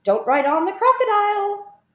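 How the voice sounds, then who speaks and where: Woman doing a high sing-song storybook bird. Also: very animated, moderate pace, a bit bright, exaggerated voice. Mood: urgent sing-song. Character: cheery male bird singing a warning. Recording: roomy echo.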